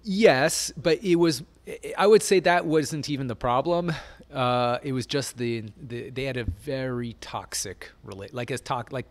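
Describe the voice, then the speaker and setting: A man's voice: mid-range voice, measured pace. A middle-aged man telling stories as an interview guest, rambling with many fillers and frequent laughter. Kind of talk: casual storytelling interview.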